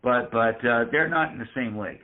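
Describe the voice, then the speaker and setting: Halting man on a tinny line. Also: mid-range voice. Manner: halting, repeats words. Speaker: podcast co-host. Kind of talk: casual chat.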